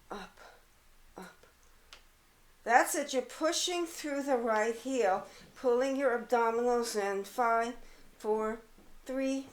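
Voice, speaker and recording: A woman guides a home pilates session, talking slowly and steadily as she counts reps. Her voice sits a little high and she sounds slightly out of breath from moving. The room around her is noticeably echoey. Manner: calm counting and cueing while exercising. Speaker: pilates instructor. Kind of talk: guided workout instruction. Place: home apartment.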